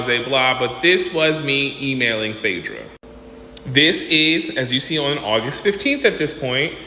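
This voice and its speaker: A man telling a dramatic storytime in casual commentary, acting out the people he quotes. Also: fairly high pitch. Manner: animated, dramatic retelling that acts out quotes. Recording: echoey reverberant room with faint noise.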